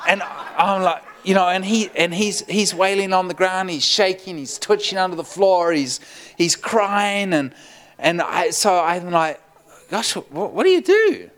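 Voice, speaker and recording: A man's voice: high-pitched, a little slow. A man preaching as a pastor, telling a story with lots of laughter and acted-out quotes. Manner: animated, laughing often, acts out quotes. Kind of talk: storytelling sermon.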